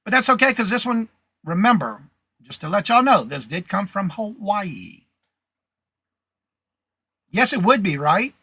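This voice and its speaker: A high-voiced, bright and sharp-toned man hosts a live reseller show. He chats casually, reads out viewer comments and greets people by name. The sound is close and dry, with no room echo. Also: very animated, a little slow, pauses often, husky. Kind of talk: casual live-stream chat.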